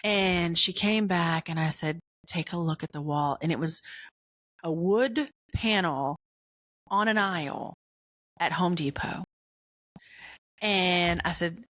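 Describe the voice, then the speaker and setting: A middle-aged woman shares a personal story on her podcast, taking her time with each phrase. She talks in a relaxed, unhurried way but leaps high in pitch when she quotes her own excitement. The recording is dry and close, with little room sound. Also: no room sound. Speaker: podcast host. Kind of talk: casual storytelling.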